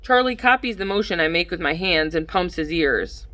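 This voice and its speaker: A woman narrating a first-person audiobook at a measured pace, her voice slightly low yet very bright and forward. She lifts her delivery whenever the characters speak. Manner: measured, lively in dialogue.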